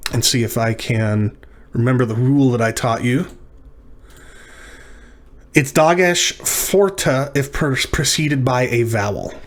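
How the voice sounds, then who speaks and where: A man teaching a recorded lecture, talking through each exercise step by step. He thinks aloud, pauses on ums and corrects himself as he goes. His voice sits at an ordinary middle pitch.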